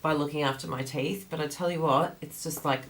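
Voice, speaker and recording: A woman's voice: low voice, steady tone, fairly quick, slight background noise. A woman hosting a craft class livestream, chatting casually and rambling, laughing often, with a groggy morning voice.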